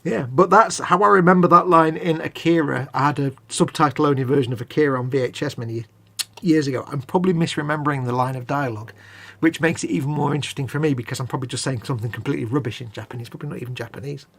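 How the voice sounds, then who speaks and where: A man's voice: mid-range voice, racing, gravelly, a bit bright. A man, co-hosting a live stream, chatting casually and rambling as he reads out viewer comments. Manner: rambling, chatty, self-correcting.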